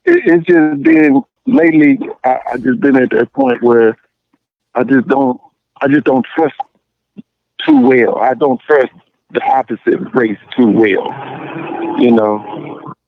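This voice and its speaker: A man in his late thirties from Memphis, Tennessee, with a Southern accent, a podcast guest telling stories in a blunt, slangy, animated way with lots of restarts. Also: mid-range voice, takes it slowly, pauses often, no room sound. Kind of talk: casual call-in conversation. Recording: tinny dry phone line.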